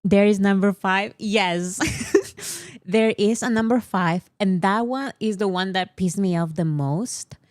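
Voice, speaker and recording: A woman vlogger giving casual, exasperated commentary to her viewers, repeating herself for emphasis and then talking herself calm. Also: takes it slowly, no room sound, clean studio sound. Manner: talks herself calm with deep breaths.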